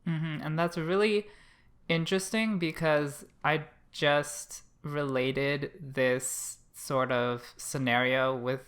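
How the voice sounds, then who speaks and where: A chatty co-host reviewing an anime episode, loose and animated, with plenty of "like" and "um". The voice is bright and forward, with swearing mixed into fast asides. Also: medium pitch. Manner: chatty, animated, many fillers and acted asides. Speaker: podcast co-host. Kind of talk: casual anime review chat.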